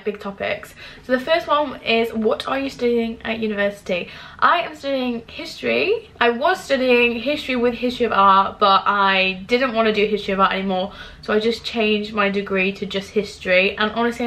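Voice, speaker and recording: Young woman, casual vlog chat, fairly high voice, lots of fillers. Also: rough recording. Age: young adult. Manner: chatty, full of "like" fillers, warm and effusive toward viewers. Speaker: vlogger.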